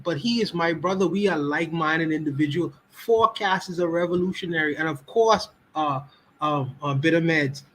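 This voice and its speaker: A man's voice: high-pitched, poor audio. A Bahamian man with a Bahamian accent, speaking on a livestream podcast and repeating his key words for emphasis.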